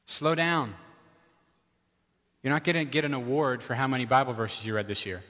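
A man's voice: mid-range voice, fast, fairly bright tone, big-room sound. A male pastor preaching a sermon in a conversational way, repeating key phrases for emphasis and asking the audience questions.

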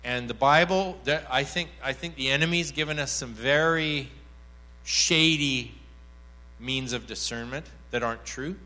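Speaking a little slowly in a bright, pushed mid-range voice, a man teaches at a church workshop. He tells an anecdote and animatedly performs the voices of the people he quotes.

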